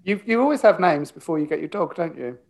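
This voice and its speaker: A man's voice: a little high, animated, fast, a little mellow. A man co-hosting a casual chat, easygoing and asking short questions with lots of tag questions. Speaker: podcast co-host.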